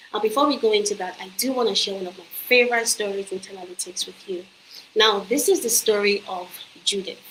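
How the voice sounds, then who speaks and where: An earnest woman at a mid pitch delivers a motivational talk to the listener, coaching them on careers. Her voice rings in a reverberant room. A faint hum of ambience sits behind her. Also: fairly bright tone. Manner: earnest, persuasive direct address. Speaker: company executive and career coach.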